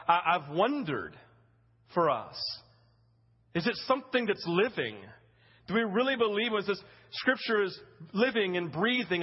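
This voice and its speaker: A middle-aged male pastor preaching a sermon, telling a story with animated acted-out voices. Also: high voice, breathy edge, big-room sound, highs cut off. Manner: animated storytelling, acting out scenes.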